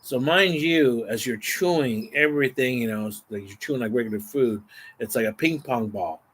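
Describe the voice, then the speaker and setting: A man vlogging, telling a rambling, animated story casually to the camera. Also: medium pitch, normal speed, husky. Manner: rambling, animated, exaggerating for effect.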